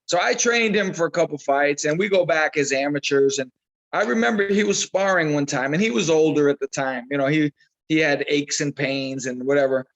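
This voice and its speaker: A man, a boxing trainer, telling animated stories in a casual interview and repeating himself as he goes. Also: a little high, rough recording. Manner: animated storyteller, repeats himself, acts out quotes.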